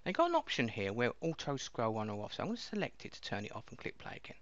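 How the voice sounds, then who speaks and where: A man casually walking viewers through a piece of software step by step, in a chatty explaining way. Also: medium pitch, wildly swooping pitch, fast, dry recording. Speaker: software reviewer. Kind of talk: casual screen-recording walkthrough. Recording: dull lo-fi dry mic.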